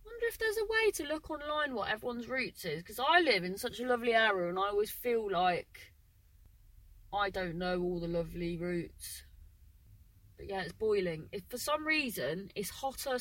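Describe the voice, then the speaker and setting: Bright chatty woman rambling solo. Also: medium pitch, no echo, rough recording. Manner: chatty, self-interrupting, scattered. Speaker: comedian and podcast host. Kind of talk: rambling casual monologue. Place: in a car.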